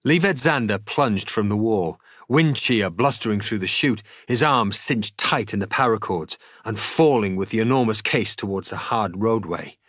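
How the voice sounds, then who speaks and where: Low-voiced man narrating a novel dramatically. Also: animated, normal speed, few pauses, fairly bright tone, no room sound, studio quality. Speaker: streamer reading aloud. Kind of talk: audiobook-style novel reading.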